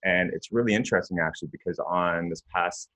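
A man with a very deep, low voice chats in a relaxed way. He tells stories loosely, full of filler words, as in an easygoing podcast conversation. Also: a little fast. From Canada.

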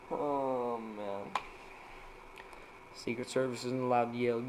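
A man casually reading dad jokes aloud as a streamer, laughing at his own punchlines and jumping into higher voices for them. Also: a little slow, pauses often, darkish tone, slight background noise.

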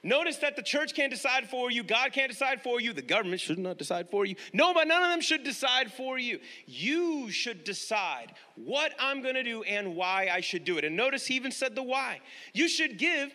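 Bright-voiced man preaching in an echoing hall. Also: very high-pitched, very animated, normal speed. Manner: emphatic, repeats key phrases, questions the congregation directly. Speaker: pastor. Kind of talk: sermon.

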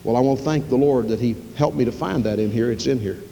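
A middle-aged male pastor preaching a sermon, telling folksy stories and acting out dialogue with sudden jumps in pitch. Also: quick pace, creaky, mellow, slight background noise. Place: church sanctuary. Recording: long reverb of a church hall.

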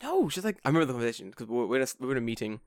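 A man from England chatting casually and telling a funny story, swearing freely and putting on high squeaky voices to mimic people. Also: animated, racing, clean tone, no echo, studio quality. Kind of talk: casual chat.

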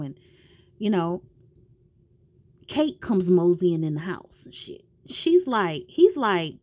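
A woman's voice: lowish voice, dark tone, no echo. A woman casually recapping a TV show in a slangy, rambling way, with some profanity.

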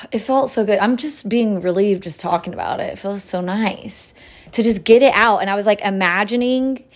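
A woman's voice: mid-range voice, normal speed. A young woman hosting a casual podcast, talking candidly with lots of swearing, fillers and laughs. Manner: profane, loose and candid; chatty with frequent fillers and laughs. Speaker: podcast host. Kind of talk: casual chat.

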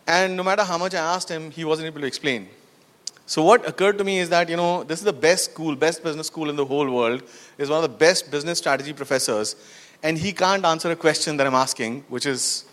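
A man's voice: a little high, fast talker, fairly bright tone. Man speaking in a reverberant hall. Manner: conversational, asks the audience questions, frequent "you know" and "right". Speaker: conference speaker. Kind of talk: storytelling talk to an audience.

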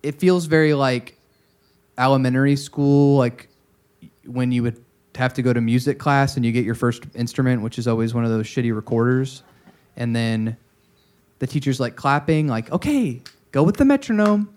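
A man's voice: medium pitch, fairly even intonation, moderate pace, darkish tone, clean tone. A man co-hosting a casual music podcast, thinking aloud with many fillers and restarts. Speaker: podcast co-host.

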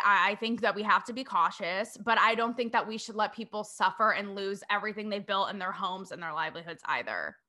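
A woman's voice: fairly high pitch, sharp tone. A woman from New England hosting her own show, giving an emphatic opinion monologue straight to her listeners. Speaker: podcast host.

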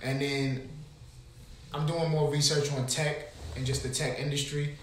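A man on a podcast as a guest, speaking haltingly with plenty of fillers. His voice sits slightly high. The room is echoey. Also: level tone, a little hiss or hum. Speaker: podcast guest, app founder. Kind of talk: casual chat.

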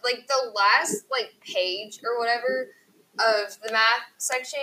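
A teenage girl with a bright, high voice, chatting in a casual group podcast. She piles up "like" and rushes through her stories in an animated way. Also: rough recording. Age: teens. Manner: animated, heavy use of "like", breathless storytelling. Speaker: podcast co-host, high school student.

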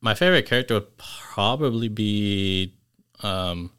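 A young man with a very low yet bright, edgy voice answers questions in a laid-back podcast chat. He talks hesitantly, with long pauses. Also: smooth. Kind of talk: casual chat.

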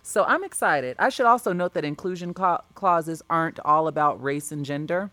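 A woman's voice: deep voice, moderate pace, few pauses, pushed and bright, no echo. A woman co-hosting a casual podcast, chatty and laughing, acting out quotes as she tells stories. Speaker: co-host.

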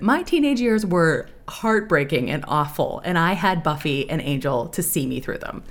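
A woman in her thirties hosting a podcast, chatting candidly and laughing often, with a profane, animated way of telling stories. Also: lowish voice, moderate pace. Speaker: podcast host. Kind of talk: casual podcast chat.

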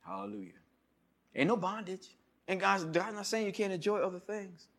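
A male pastor preaching a sermon, moving between loud shouts and quiet asides, leading the congregation in call-and-response and telling stories with laughter. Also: high-pitched, normal speed. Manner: animated preaching, swings from loud shouts to murmurs.

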